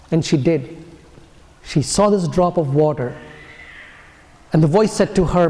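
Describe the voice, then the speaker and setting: A man, a priest, giving a homily as an earnest storyteller whose phrases soften and fall away at their ends. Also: fairly high pitch, animated, measured pace, pauses often. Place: church. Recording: echoey church with long reverb.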